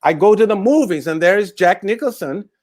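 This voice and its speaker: A man from Brazil with a Brazilian accent, telling a story as a guest in a lively, laughing way on a video call. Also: sits high, brisk, no echo. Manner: lively, laughs often, repeats words. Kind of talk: animated storytelling in a chat.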